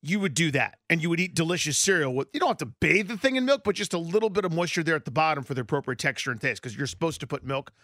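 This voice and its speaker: A man on a sports radio show, playful and rambling as he explains himself. His pitch swings widely and sits slightly high. The studio sound is dry and close. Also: expressive, racing, few pauses, sharp tone, no room sound. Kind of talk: casual radio chat. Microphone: studio microphone.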